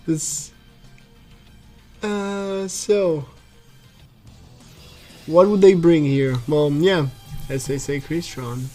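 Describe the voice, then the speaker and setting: This esports caster is a Frenchman whose native tongue is French, doing relaxed live commentary in English on a card game match. His voice is slightly high and mellow, and he chats freely, laughs easily, and fills his talk with fillers and restarts.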